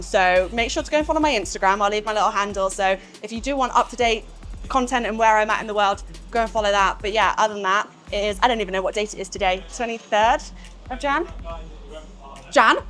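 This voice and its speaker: A woman's voice: mid-range voice, fairly bright tone. A young woman with an English accent talking casually to camera in a gym, rambling and swearing freely. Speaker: fitness vlogger. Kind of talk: casual vlog chat to camera.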